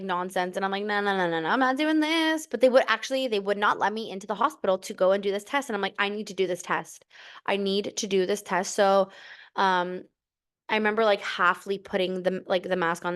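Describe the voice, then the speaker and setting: A woman's voice: mid-range voice, smooth. A young woman from Canada telling her own story in a candid, casual way, acting out the people she quotes, with many fillers. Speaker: podcast host telling her birth story.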